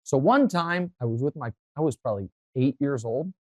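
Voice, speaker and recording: A male sports talk host chatting casually in a dry studio with no room echo. He tells stories with animation and pushes his voice higher as he gets fired up. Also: normal speed, dull audio. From Kansas City area, USA. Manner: animated storytelling, voice rising when worked up.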